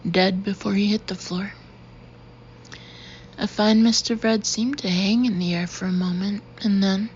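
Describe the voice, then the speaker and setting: A woman reading a thriller audiobook in a steady, even narration. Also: mid-range voice. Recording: dull, slightly noisy recording.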